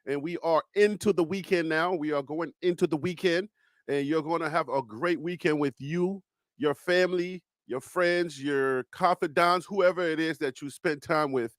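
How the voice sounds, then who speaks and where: Guy hosting a sports talk stream, higher voice, dry close sound, calm preachy rhythm, repeats himself a lot. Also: normal speed, dry recording. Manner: calm, reassuring, preacher-like cadence; repeats and restarts phrases. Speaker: sports show host. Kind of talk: live sports talk show.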